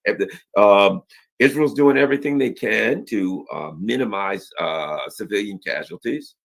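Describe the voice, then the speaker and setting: A man's voice: on the low side, a little slow, gravelly. A man hosting a sarcastic political news commentary, mocking and ironic as he talks. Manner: mocking, heavy sarcasm with mock voices.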